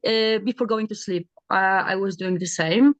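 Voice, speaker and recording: A woman's voice: mid-range voice, normal speed, no room sound, muffled recording. Hesitant woman learner on a video call. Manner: hesitant, full of fillers and restarts, self-deprecating. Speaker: English learner, participant. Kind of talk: casual speaking practice on a video call.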